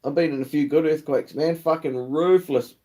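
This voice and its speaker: A young man with a New Zealand accent chats casually on a livestream. His voice sits a little high, yet its tone is soft and mellow. He swears freely and drops mate and bro into nearly every line. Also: fairly even intonation, fast. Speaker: livestream host. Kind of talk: casual live chat.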